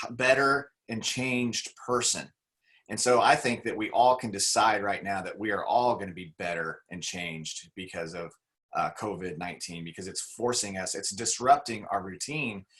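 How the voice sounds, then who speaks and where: A man's voice: on the low side, fairly bright tone. A man leading a motivational talk on a video call. He speaks in a conversational, enthusiastic way and acts out the quotes he tells.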